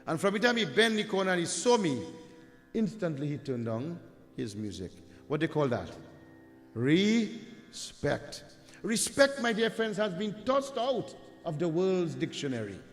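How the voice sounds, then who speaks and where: A man's voice: a little high, sing-song, moderate pace. A man preaching a devotional sermon, emphatic and repetitive, addressing his listeners directly. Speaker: Hindu preacher. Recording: reverberant hall with faint music.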